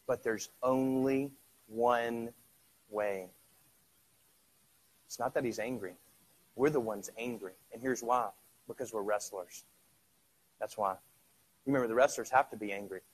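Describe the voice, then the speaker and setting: A middle-aged man preaching a sermon in a conversational way, asking the congregation rhetorical questions, sometimes dropping to a hush and then rising loud. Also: mid-range voice, fairly even intonation, unhurried, pauses often. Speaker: pastor.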